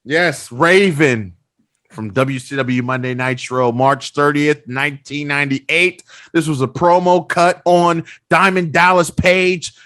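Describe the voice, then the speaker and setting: A man hosting a wrestling podcast, chatting casually and recalling details with a few halting pauses. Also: medium pitch, fairly bright tone, dry recording. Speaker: podcast host.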